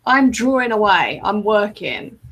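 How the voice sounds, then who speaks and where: A young woman hosting a podcast and telling lively anecdotes, acting out both sides of conversations. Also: medium pitch, unhurried. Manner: animated anecdote-teller, acts out quoted exchanges. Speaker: podcast host and artist. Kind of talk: casual chat.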